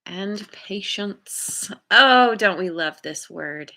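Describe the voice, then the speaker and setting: Slow, bright-voiced woman reading tarot. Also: medium pitch, animated. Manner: gentle and meandering, searching for words; encouraging, spiritual. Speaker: tarot card reader. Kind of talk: intuitive tarot reading for viewers.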